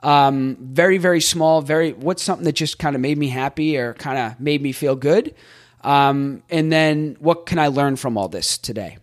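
Guy hosting a podcast solo, kinda high-ish voice, chatty, thinking out loud, lots of "right?". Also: normal speed. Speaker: podcast host.

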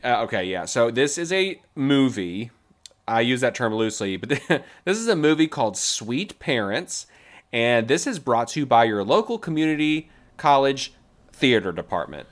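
A man hosting a casual trailer-review chat, his pitch bouncing up and down with real animation. He talks emphatically, stacking restarts and asides as he makes his point. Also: normal speed. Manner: emphatic, repeats himself, lively asides. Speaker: podcast co-host reviewing trailers.

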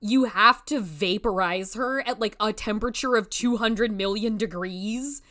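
Bright, emphatic woman podcaster. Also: medium pitch, measured pace. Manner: emphatic, animated, swears casually. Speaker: podcast co-host. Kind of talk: casual movie review chat.

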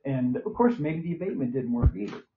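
A man's voice: medium pitch, animated, quick pace. Older man, winded patient, plain-spoken rambler; muffled lo-fi hospital-room recording. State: short of breath. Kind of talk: casual conversation. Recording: dull lo-fi recording with faint noise.

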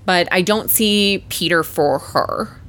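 A woman co-hosting a casual podcast, talking about reality TV in an animated, exasperated way and swearing freely. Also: fairly low pitch, slow. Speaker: podcast co-host. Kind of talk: casual reality-TV recap chat.

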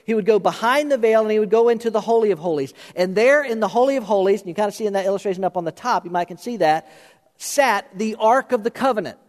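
A male pastor preaching a sermon, animated, swinging between raised emphasis and hushed intensity. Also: high voice. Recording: long reverb of a large hall.

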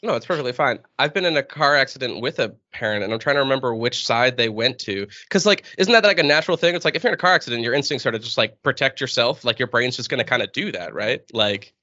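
A man's voice: medium pitch, animated, fast talker, few pauses, pushed and bright, dry recording, dull audio. A man in casual podcast chat as a guest, rambling with many restarts. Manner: rambling, restarts, laughs often.

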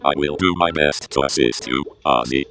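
A man's voice: extremely low pitch, moderate pace, sharp tone, pitched below the performer's own voice. A man voicing a dry robot assistant that reads out "exclamation" after his exclamations. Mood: flat.

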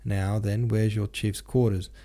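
A man voicing a hot-tempered hussar captain who lisps his r sounds as w and talks loudly and bluntly. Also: fairly low pitch, flat delivery, a little slow. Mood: hoarse, furious. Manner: lisping, r sounds as w; loud, blustering.

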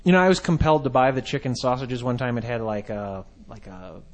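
A man's voice: medium pitch, brisk. Rambling male podcast host. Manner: rambling, trails off and restarts. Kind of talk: crude casual banter.

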